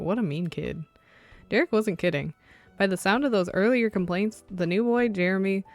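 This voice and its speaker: Lower-voiced woman reading a visual novel aloud. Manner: animated, sarcastic asides between narration. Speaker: let's play streamer.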